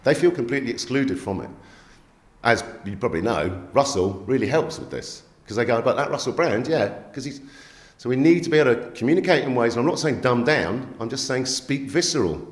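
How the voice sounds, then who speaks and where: A man, a magazine editor telling stories in an animated interview, emphatic and streetwise, often checking in with "yeah?" and "right?". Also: medium pitch, a little fast. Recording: echoey room.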